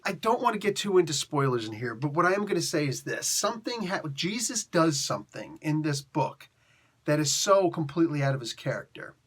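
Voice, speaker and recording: A young adult man giving a casual, excitable comic book review, laughing often and using slang. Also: fairly high pitch, breathy edge.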